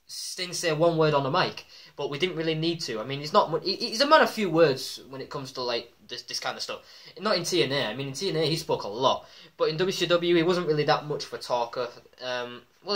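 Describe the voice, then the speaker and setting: A man giving a casual, excitable wrestling commentary vlog, full of ums and acted-out shouts. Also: fairly high pitch. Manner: excitable, many ums, acts out quoted shouts. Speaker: wrestling vlogger.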